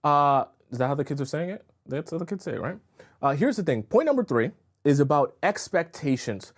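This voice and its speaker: His voice runs a little fast and on the high side, swinging widely in pitch, as he gives women frank dating advice on a live stream. Chatty and casual, he reads out and responds to viewer comments, repeating himself and leaning on "uh" and "right?".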